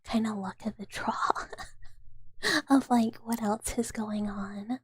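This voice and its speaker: A woman from the American South, chatting in a whispered ASMR live stream. She whispers softly and rambles, with many fillers. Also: a little high, slow pace, breathy edge, no echo. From Southern United States.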